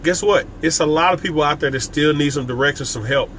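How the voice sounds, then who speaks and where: A man's voice: a little high, fast, a bit bright, slight background noise. A man coaching on business during a live stream, emphatic and repetitive, talking casually and straight to his viewers. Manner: casual and conversational, with frequent restarts. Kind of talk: live-streamed motivational talk.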